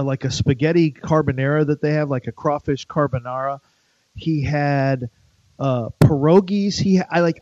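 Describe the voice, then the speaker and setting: A man's voice: a little high, darkish tone, dry recording, dull audio. A middle-aged man hosting sports talk radio, rambling and joking in casual chat. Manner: rambling, chatty, jokey.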